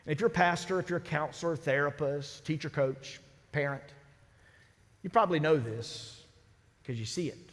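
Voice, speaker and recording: Pastor preaching, fairly high voice, long church reverb. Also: male voice, normal speed. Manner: storytelling, lively and conversational. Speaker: senior pastor. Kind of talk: sermon. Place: large church sanctuary.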